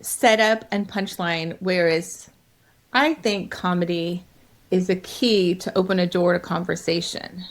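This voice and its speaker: A middle-aged woman, a comedian, telling stories as a guest in an interview, lively and quick to laugh. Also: on the low side. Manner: lively, laughs often, acts out quotes. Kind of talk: storytelling in an interview.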